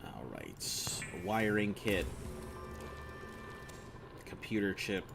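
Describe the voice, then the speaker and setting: A man's voice: on the low side, huge pitch swings, slow, vocal fry, over music. An American man giving casual, rambling commentary while playing a video game, chatting with viewers and laughing at his own jokes. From United States. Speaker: streamer.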